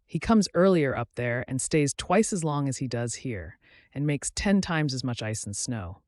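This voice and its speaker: A man's voice: mid-range voice, big pitch swings, normal speed, darkish tone, dry recording, clean studio sound, natural voice. A man voicing an anxious, distrustful female duck far from home, fretful and tearful.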